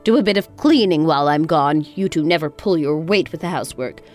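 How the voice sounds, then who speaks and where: A woman's voice: sits low, expressive, a little fast, faint music behind. A woman voicing a harsh, sarcastic older mother-in-law in a dramatized story. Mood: scornful. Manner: cutting, sarcastic.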